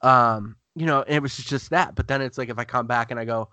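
A man's voice: medium pitch, a little fast, few pauses, sharp tone, no echo. A man talking as a guest sports writer in a casual podcast conversation, rambling through stories and acting out quotes as he goes. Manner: chatty, rambling storyteller who acts out quotes.

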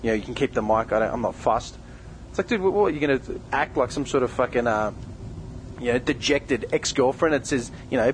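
A man's voice: mid-range voice, brisk, slight background noise, rough recording. A young man who co-hosts a podcast, delivering a heated, confrontational rant full of swearing. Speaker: podcast co-host. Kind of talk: angry direct-address rant.

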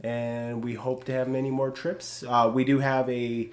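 A relaxed podcast co-host chatting casually and agreeably, wrapping up an episode. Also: mid-range voice, measured pace. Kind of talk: casual chat.

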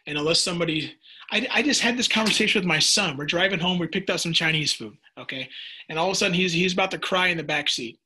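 A man's voice: high-pitched, fast, bright, forceful tone, slight background noise. A middle-aged man preaching a sermon on the radio, passionate, stumbling and repeating words as he reads listener texts.

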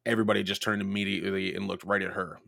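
Low-voiced man swearing through a story. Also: level tone, very fast, gravelly, a bit bright, no room sound. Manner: profane, rambling anecdotes. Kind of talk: casual storytelling chat.

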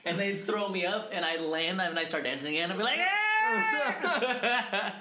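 A young man co-hosting a casual podcast, telling animated stories full of swearing and acted-out quotes. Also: high-pitched, fast. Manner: animated storyteller, swears a lot, acts out quotes. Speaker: podcast co-host. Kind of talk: casual chat. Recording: echoey room, faint noise.

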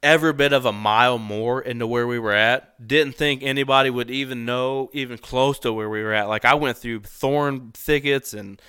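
Bright-voiced man telling a hunting story. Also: medium pitch, normal speed, hardly any pauses, smooth, no echo, studio quality. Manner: animated, laughs often, acts out voices in quotes. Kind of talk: casual storytelling.

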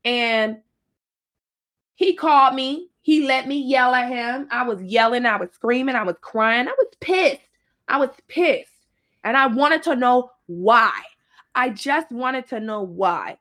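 Animated, profane woman telling a story. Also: a little slow. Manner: animated, profane, laughs often, swings into high-pitched outbursts. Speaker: storyteller recounting her dating life. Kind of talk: casual storytime monologue.

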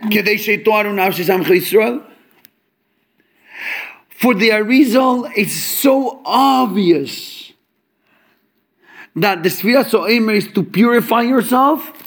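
Brief: male Torah teacher, high pitched, lively, homely examples, Hebrew terms sprinkled in. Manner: animated, explains with homely examples; mixes English with Hebrew and Yiddish terms. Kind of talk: fabrengen talk on Chassidic teachings.

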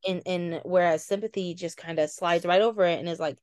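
A woman co-hosting a faith-based podcast, explaining ideas calmly with examples and quoted dialogue. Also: lowish voice, a little fast, no room sound, studio quality. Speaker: podcast co-host. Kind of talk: casual chat.

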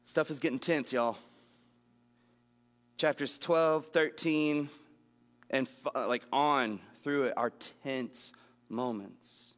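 A man teaching a casual Bible lesson in a conversational, animated way, acting out the scenes he reads. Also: medium pitch, big-room sound.

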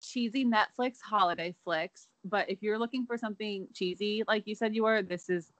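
A woman's voice: medium pitch, moderate pace, dry recording, low-quality recording. A young woman co-hosting a casual chat podcast, chatty and playful, filling her talk with "like". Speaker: podcast co-host.

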